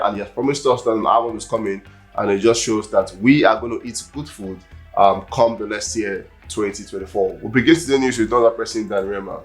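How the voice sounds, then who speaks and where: A man hosting a music news roundup, chatty and loose, with many ums and restarts. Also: mid-range voice. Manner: chatty, with frequent fillers and restarts. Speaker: entertainment news host. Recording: faint background music.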